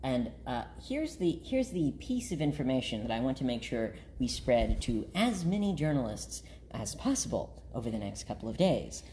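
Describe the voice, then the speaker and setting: A man's voice: medium pitch, sing-song, normal speed, hardly any pauses, mellow, slight background noise. A man hosting a podcast in casual chat, with a playful, grandiose manner and plenty of "uh" fillers. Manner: playful, grandiose self-introduction with frequent fillers. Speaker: podcast host.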